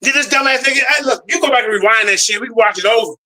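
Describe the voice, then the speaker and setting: A man's voice: very high voice, racing, a loud crowd, rough recording. A man ranting heatedly on a live-stream call, cursing and repeating himself as he recounts a debate panel. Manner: loud, profane, repeats himself. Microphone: remote call.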